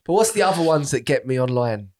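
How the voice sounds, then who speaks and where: A man's voice: mid-range voice, lively intonation, fast. A man co-hosting a comedy podcast, ranting animatedly in casual banter and swearing freely.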